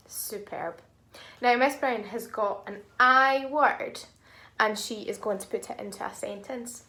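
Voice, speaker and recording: A woman teaching a phonics lesson to young children, speaking slowly and clearly and sounding out words in an encouraging way. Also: fairly high pitch, bright, forceful tone. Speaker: primary school teacher.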